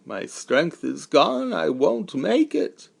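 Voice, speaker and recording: A man's voice: a little high, very animated, takes it slowly, creaky, breathy edge, voice pushed up, heavily acted. A man voicing a once-strong older man, broken and despairing, who pleads in a faltering voice that sinks to a whisper.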